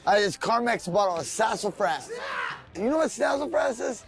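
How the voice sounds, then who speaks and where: High-voiced, brash, profane man. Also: expressive, moderate pace, creaky. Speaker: band member. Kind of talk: documentary interview storytelling.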